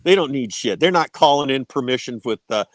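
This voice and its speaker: A man's voice: medium pitch, brisk, no room sound. Man, casual storytelling, swears freely, mid-range voice, dry close studio mic. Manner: swears freely, tags sentences with "right?", restarts words. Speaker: podcast guest.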